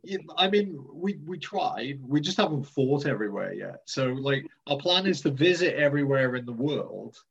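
A man's voice: medium pitch, lively intonation, moderate pace, vocal fry, few pauses, fairly bright tone, breathy edge, dull audio. A man in casual conversation as an interview guest, rambling and self-deprecating, with many fillers and restarts. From Britain.

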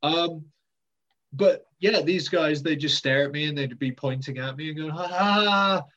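A man's voice: a little high, brisk, a bit bright, dull audio. A man in casual conversation as an interview guest, rambling and self-deprecating, with many fillers and restarts. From Britain.

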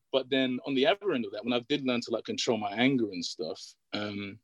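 Fast-talking man, dry sound. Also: medium pitch, no echo. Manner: rapid, filler-heavy talk. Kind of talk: casual conversation.

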